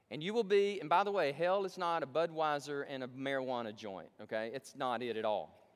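In a large church sanctuary, a male pastor with a slightly high voice preaches emphatically, going from hushed pleas to loud excitement. The sound is that of a large hall.

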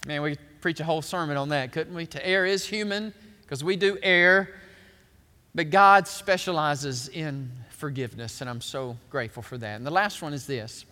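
A male pastor preaching a sermon, swelling loud and then dropping quiet. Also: a little high, normal speed. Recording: long hall reverb.

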